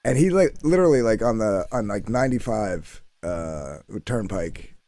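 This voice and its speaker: A man from New Jersey telling a quick story on a casual live stream, laughing easily. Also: lowish voice, animated, dark tone, dry recording.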